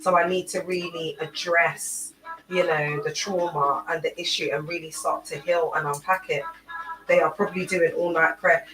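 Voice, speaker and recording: Brief: woman livestreamer, rambling casual chat, crisp bright tone, set back from a laptop mic. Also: lowish voice, fairly even intonation, normal speed, recorded from a distance. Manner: rambling, chatty, answers viewers' comments by name. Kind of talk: casual live-stream chat. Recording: echoey room, voice away from the mic.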